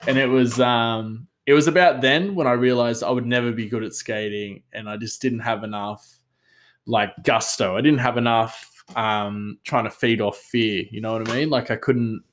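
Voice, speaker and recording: A man telling a casual, rambling story with many fillers, self-mocking and often laughing. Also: fairly low pitch.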